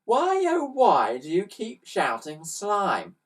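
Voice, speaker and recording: A man's voice: high-pitched, huge pitch swings, takes it slowly, slightly rough, pitched above the performer's own voice, full character voice. A man voicing a pompous middle-aged toyshop owner who shrieks indignantly, recorded on a slightly distant mic.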